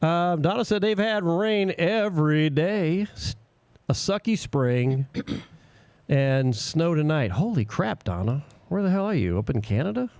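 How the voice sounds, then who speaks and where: A man co-hosts a live radio show from a small studio, chatting casually with a lively, swooping voice. He laughs often and rambles through asides. The sound is dry and close. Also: high-pitched, dry recording. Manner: animated, laughing, mimics accents, rambling asides.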